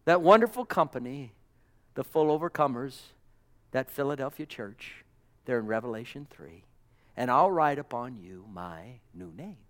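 A man preaching a sermon with passion, calling out amens and praise to the congregation, dropping to a hush and then rising to loud exclamations. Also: on the high side. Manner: impassioned, swings from hushed murmurs to loud exclamations; calls out amen and praise God to the congregation.

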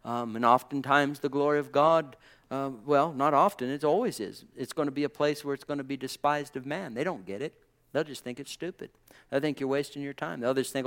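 A man's voice: a little high, fairly quick. Fervent male preacher teaching a sermon. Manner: swings from quiet musing to loud fervent exclamations; frequent amens and praise interjections.

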